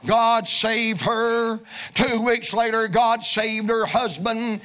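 A male pastor preaching a fervent sermon in a church, shouting and chanting his lines. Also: extremely high pitch, flat delivery, slow, clear, resonant tone, faint music behind.

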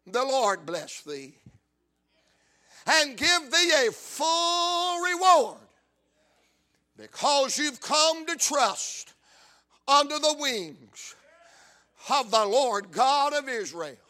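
A man's voice: very high voice, sing-song, drawn-out words, long pauses, bright, forceful tone, full character voice. A man with a South Carolina accent voicing a kindly older landowner who speaks a solemn, generous blessing to a stranger.

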